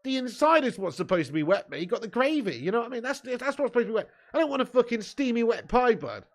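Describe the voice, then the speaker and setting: Live-streaming a football watch-along, a man with a very high, sing-song voice talks fast. He trades laddish, sweary banter with viewers, laughs often, and commentates on the match.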